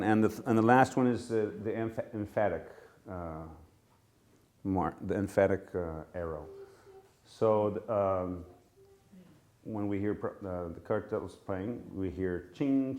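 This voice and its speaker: Slow, low-voiced man teaching a class. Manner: relaxed, halting, self-correcting, chuckles at himself. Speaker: music teacher leading a class. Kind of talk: informal live class instruction. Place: temple room with a live group.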